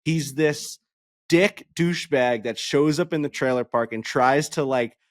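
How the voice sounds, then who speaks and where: A man co-hosting a podcast, telling a story in casual chat, animated and profane, acting out the people he quotes. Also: mid-range voice, unhurried, no echo, clean studio sound. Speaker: podcast co-host.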